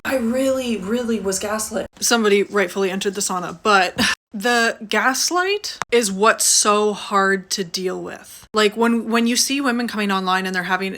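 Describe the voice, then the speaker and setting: A woman's voice: medium pitch, pushed and bright. A woman telling a personal story in a casual, conversational vlog, talking from a sauna. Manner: casual, conversational, frequent fillers. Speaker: vlogger.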